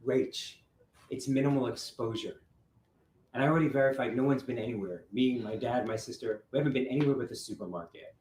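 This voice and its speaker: A man playing an insistent divorced father who is quick to anger, in acted drama dialogue. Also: mid-range voice, darkish tone, lightly acted. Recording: roomy with faint noise.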